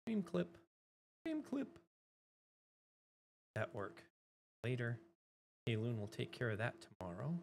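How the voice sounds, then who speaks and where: A middle-aged woman chats away on her live stream, and her pitch leaps and dips all over the place. She is excitable and breaks into loud exclamations, with a faint hiss behind her voice. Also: slow pace, long pauses. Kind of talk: casual live-stream chat.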